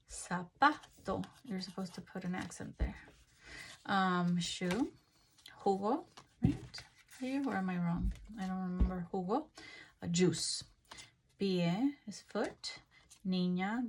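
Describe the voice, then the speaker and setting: A woman's voice: on the low side, slight background noise. A woman from Rico, chatting casually as she unwraps and reads out craft haul items. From Puerto Rico. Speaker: craft channel host.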